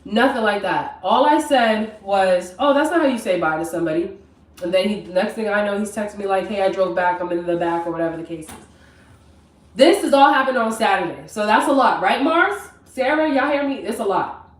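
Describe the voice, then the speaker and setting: Young woman vlogger, casual story time, animated and direct, recorded off mic in an echoey kitchen. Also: mid-range voice, brisk, recorded from a distance. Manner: chatty, animated, talks straight to viewers. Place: home kitchen. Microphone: camera mic at a distance. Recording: roomy, from off mic.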